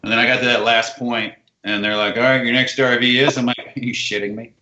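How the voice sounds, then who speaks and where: A man's voice: mid-range voice, little pitch movement, fast, pushed and bright. A man, an army veteran guest, telling a story in casual talk, acting out dialogue and swearing casually. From United States. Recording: roomy, dull lo-fi sound.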